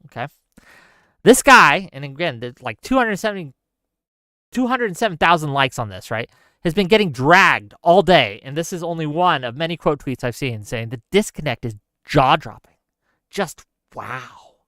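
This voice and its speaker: Heated, bright-voiced male streamer. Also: on the high side, animated, normal speed, dry recording. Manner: emphatic, heated ranting with swearing; talks straight to the audience with asides. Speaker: streamer host. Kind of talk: live-stream commentary to chat.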